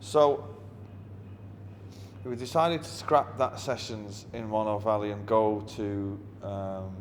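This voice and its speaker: In a lowish, steady voice and at a slow pace, a middle-aged musician recounts anecdotes during an interview, wry and blunt and cursing a lot. The sound carries long reverb with faint ambient noise behind it.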